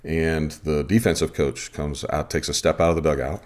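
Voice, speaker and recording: A man's voice: very deep voice, moderate pace, hardly any pauses. A man hosting a podcast, telling an umpiring story casually and with energy. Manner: animated retelling of a game story.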